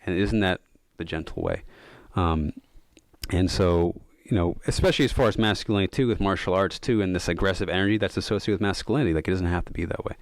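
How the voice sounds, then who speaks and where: A man's voice: deep voice, quick pace, no echo. A man, a yoga and meditation coach, talks thoughtfully as a podcast guest, often saying "like" and "um". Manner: thoughtful, many fillers of "like" and "um". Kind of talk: casual reflective storytelling.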